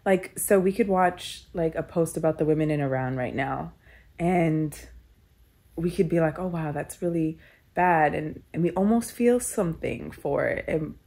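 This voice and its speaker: A woman's voice: low voice, moderate pace, gravelly, mellow. A woman telling a candid personal story in an interview, earnest and reflective, with many filler "likes". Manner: tearful laughing when moved.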